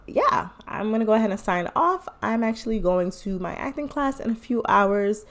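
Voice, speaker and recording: A young woman chats through a solo podcast update in a loose, rambling way. She tosses in playful asides and laughs as she goes. Her voice sits at a middle pitch. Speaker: podcast host.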